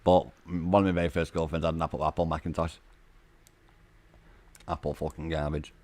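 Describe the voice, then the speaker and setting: A man's voice: extremely low pitch, flat delivery, brisk, darkish tone. A man, chatting casually on a game live stream, laughing often and swearing freely as he banters with chat. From Warrington, northwest England.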